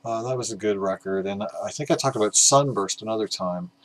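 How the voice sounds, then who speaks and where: A man with a lowish voice chats through his record finds in a loose, unscripted way. He stops and restarts often, leans on "uh," and drops in the occasional casual curse. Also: fairly quick, a bit bright, rough recording. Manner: rambling, hesitant, swears casually. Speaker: record collector vlogger. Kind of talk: casual vlog talk about vinyl records.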